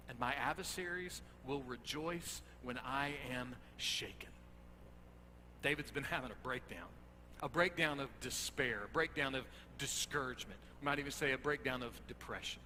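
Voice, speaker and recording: A young man preaching a sermon, lively and dramatic as he retells scripture aloud. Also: medium pitch, normal speed. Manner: animated, dramatic readings of scripture. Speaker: pastor. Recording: echoey hall with faint hum.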